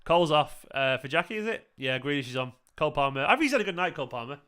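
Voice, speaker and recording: Casting note: man, live-stream host, tired but effusive, bright crisp voice, casual swearing. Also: on the high side, sing-song, racing. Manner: effusive, swears freely, thanks viewers by name. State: tired and emotional. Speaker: streamer hosting a football watchalong.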